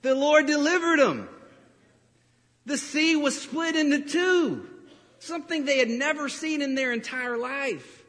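A man preaching a sermon as pastor, animated and storytelling, breaking into laughs and acting out quotes. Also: very high voice, a little slow. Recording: reverberant hall.

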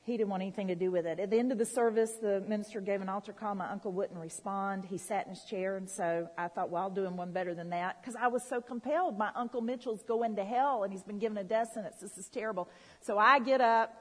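A woman preaching a sermon, telling a personal story and swinging from hushed to loud, pleading delivery. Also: medium pitch, quick pace. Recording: long hall reverb.

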